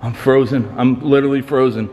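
A man with a mid-pitched voice films himself on a handheld camera while he hunts ghosts in a large empty nightclub. He calls out to unseen spirits and gets jumpy and excited. His voice carries a long echo and faint background hiss. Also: fairly quick. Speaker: paranormal vlogger. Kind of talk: handheld ghost-hunting vlog. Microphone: handheld camera mic.

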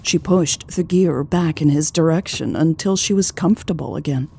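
A woman narrating a romance audiobook in a measured, calm reading. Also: sits low, creaky, a little hiss or hum. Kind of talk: scripted narration.

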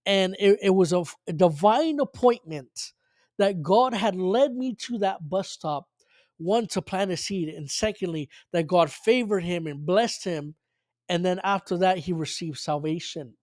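A high-pitched man preaches in an earnest storytelling way, restarting phrases and leaning on fillers as he recounts a testimony. The sound is close and dry, with no room echo. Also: lively intonation, unhurried, darkish tone. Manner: earnest, retelling dialogue with frequent restarts and fillers.

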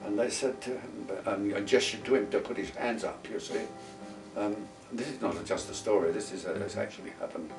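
Old guy in his 80s telling war stories, low voice, kinda far off mic in an echoey room. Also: fairly quick. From London, England. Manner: lively storyteller with folksy grammar and asides. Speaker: interviewee, wartime veteran. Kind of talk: casual spoken recollection. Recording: roomy, distant mic with faint guitar music.

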